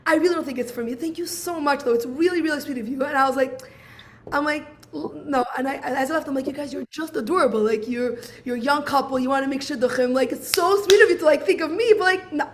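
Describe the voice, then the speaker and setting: A high-pitched, fast-talking woman from Brooklyn, USA, in her 40s, tells a personal story. She's animated, dramatizes the dialogue, and repeatedly says "I'm like."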